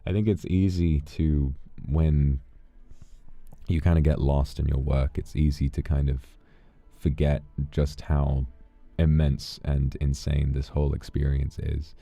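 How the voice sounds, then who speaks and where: Gravelly deep-voiced man, softly emotional. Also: level tone, unhurried, no echo. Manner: soft, intimate, emotional. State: emotional, holding back tears. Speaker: streamer. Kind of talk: casual livestream talk, reading out fan thanks. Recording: dull lo-fi audio with faint music.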